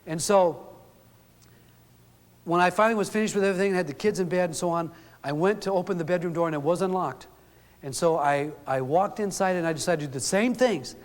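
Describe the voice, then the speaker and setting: A man's voice: high voice, brisk. A middle-aged man telling earnest, folksy stories to an audience, acting out the quotes as he goes. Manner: earnest, folksy storyteller who acts out quotes. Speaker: speaker. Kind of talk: storytelling talk to an audience. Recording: long hall reverb.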